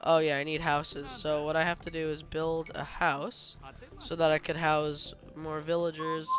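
A man's voice: a little high, little pitch movement, unhurried, dull audio, loud music behind the voice. A young man with a slight cold, casually commenting on a strategy game he is playing, explaining as he goes and stumbling over his words. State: slightly sick, coughing. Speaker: gaming channel host.

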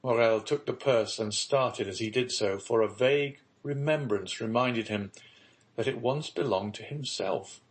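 A male audiobook narrator reading a classic novel in a measured, steady voice. He keeps a slow, unhurried pace at a middle pitch. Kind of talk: scripted narration.

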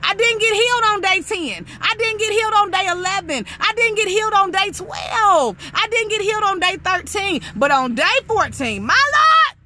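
A woman preaching a fervent sermon, repeating praise phrases and rising to shouts. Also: extremely high pitch, lively intonation, normal speed, few pauses, noisy background. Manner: rhythmic repetition, rising to shouts. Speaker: prophetess preaching.

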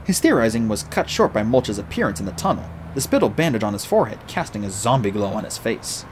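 Lively, expressive man narrating a novel. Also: lowish voice, fast talker, slight background noise. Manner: animated, expressive reading. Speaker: audiobook narrator. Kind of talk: audiobook narration.

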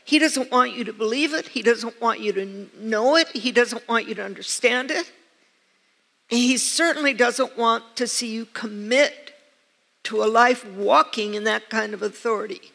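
An older American woman, a pastor, preaches a sermon in a church sanctuary, sharing personal stories with earnest, emphatic repetition. Her voice is a little high, creaky and fairly bright, moving at a moderate pace, and the recording carries long church reverb.

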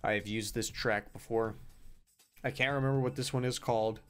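A man's voice: fairly low pitch, steady tone, fairly quick, smooth. A man giving let's play commentary on a video game, joking, swearing casually and reacting with playful disbelief. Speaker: gaming YouTuber.

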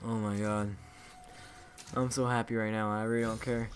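A man's voice: fairly low pitch, little pitch movement, normal speed, a little hiss or hum. A young man hosting his own gaming channel, talking casually and restlessly to his viewers while opening supply drops. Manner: chatty, restless, talks to viewers as "guys".

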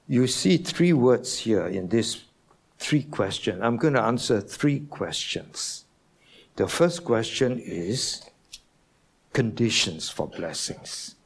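A male senior pastor delivers a sermon to his congregation, speaking at an unhurried, measured pace. His voice sits somewhat low. He teaches step by step and keeps putting questions to the listeners. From Singapore. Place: church.

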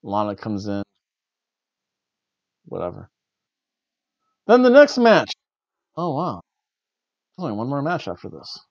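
A man reviews wrestling in casual chat, wandering off on wry, jokey tangents. His voice sits at a middle pitch. The recording is dry and a little dull, like a home lo-fi setup. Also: wildly swooping pitch, a little slow, long pauses, no echo. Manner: wry, rambling, jokey asides. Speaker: wrestling review podcast host.

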